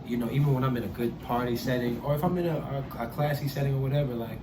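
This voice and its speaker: A young man telling a story in a casual chat, animated, swearing and acting out the people he quotes. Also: mid-range voice, fast talker, noisy background. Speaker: podcast guest, artist. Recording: roomy echo.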